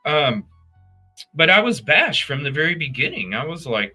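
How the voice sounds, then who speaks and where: Animated, profane male livestream host. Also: mid-range voice, a little slow, faint music behind. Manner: animated, profane, talks straight to chat viewers. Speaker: true crime livestream host. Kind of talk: casual livestream chat.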